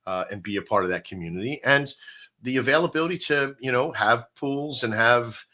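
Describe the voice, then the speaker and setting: A man hosting a casual live-stream chat, explaining in an animated way and often asking "right?". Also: medium pitch, brisk.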